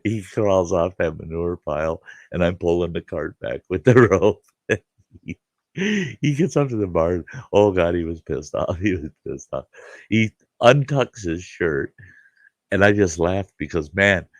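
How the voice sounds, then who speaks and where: A man's voice: low voice, dry recording. A middle-aged man telling a rowdy childhood farm story in a folksy, casual way, often laughing as he talks. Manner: folksy, laughs through his own tale. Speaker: storyteller host.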